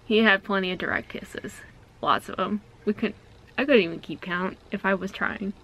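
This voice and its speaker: A woman's voice: mid-range voice, normal speed, sharp tone, breathy edge, low-quality recording. A young woman in casual podcast chat, talkative and giggling a lot. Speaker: podcast co-host.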